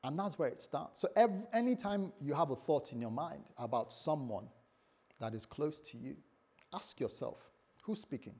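A man preaching a sermon as pastor to a congregation, swinging from quiet low lines to loud raised bursts and acting out his own inner voice in quoted asides. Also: moderate pace, breathy edge. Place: church service before a congregation.

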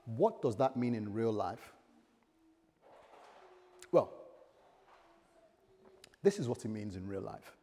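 A male pastor preaching a sermon in a conversational, animated way, acting out little dialogues. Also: on the low side, takes it slowly, pauses often. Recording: long hall reverb.

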